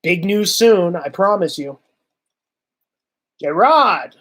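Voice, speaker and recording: A man's voice: high-pitched, takes it slowly, long pauses. A man hosting a livestream, delivering a heated, profane political rant with sarcasm and reading viewer comments. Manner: heated, swearing, sarcastic, animated.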